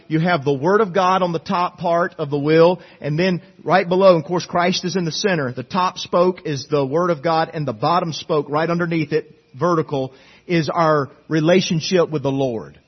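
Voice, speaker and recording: A middle-aged pastor's fairly high, breathy voice fills the church sanctuary at a moderate pace during a sermon. He pleads earnestly and exhorts his congregation repeatedly, and the recording's highs are cut off.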